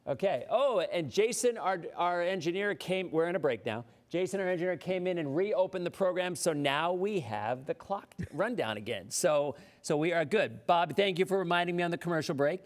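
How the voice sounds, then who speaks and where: Weather show host guy, kinda high voice, upbeat and chatty. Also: expressive. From Florida. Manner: upbeat, talkative, quick asides. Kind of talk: live weather show chat.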